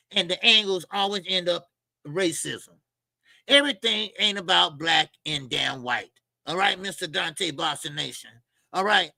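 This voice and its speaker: Gravelly, blunt boxing-channel host. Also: male voice, high voice, sharp tone, no room sound. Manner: blunt, profane and mocking; repeats phrases, with frequent fillers. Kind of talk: opinionated boxing commentary rant.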